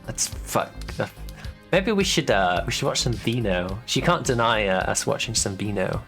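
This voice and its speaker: A man hosting a casual streamed interview, hesitant and filling pauses with frequent ums. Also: on the low side, very animated, a bit bright, faint music behind. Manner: hesitant, full of ums and trailing phrases.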